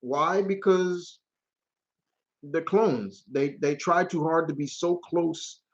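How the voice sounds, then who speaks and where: A man's voice: fairly high pitch, dull audio. A man hosting a live question-and-answer stream, chatting casually and rambling, with free swearing. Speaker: channel host.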